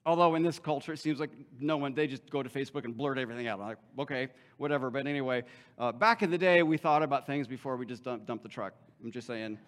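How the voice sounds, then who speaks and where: A man's voice: mid-range voice, fast talker, a bit bright. A man preaching a sermon as pastor in a conversational way, with joking asides and frequent checks like "okay?".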